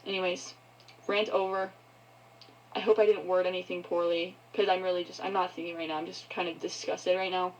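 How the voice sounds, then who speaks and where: A woman's voice: lowish voice, flat delivery, darkish tone, lo-fi sound, slight background noise. A woman ranting angrily to her viewers, swearing often and breaking off mid-sentence. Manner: angry, swearing, halting. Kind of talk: heated rant to camera.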